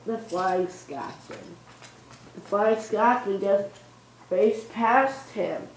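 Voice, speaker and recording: A woman improvising a toy train story, narrating with pauses and self-corrections. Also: mid-range voice, a little hiss or hum.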